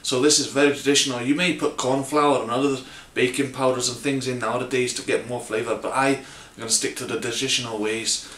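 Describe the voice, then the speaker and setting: A man's voice: mid-range voice, flat delivery, brisk, hardly any pauses, a bit bright. A man from Bristol with a put-on Scottish accent over his Bristol one, presenting a recipe in a jokey, self-mocking way. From Bristol, England. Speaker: home cook presenting a recipe. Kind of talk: jokey cooking tutorial. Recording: roomy echo.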